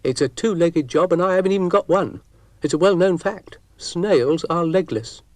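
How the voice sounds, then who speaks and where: A man's voice: on the high side, normal speed, a little mellow, dry recording, studio quality, pitched above the performer's own voice, natural voice. Man doing a whiny self-pitying snail. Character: whiny put-upon male garden snail.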